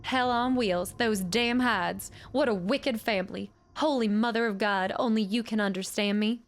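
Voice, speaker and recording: A woman voicing a bitter, grieving old woman, reading her letters slowly in a folksy drawl. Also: mid-range voice, slight background noise, lightly acted. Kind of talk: reading game letters aloud in character.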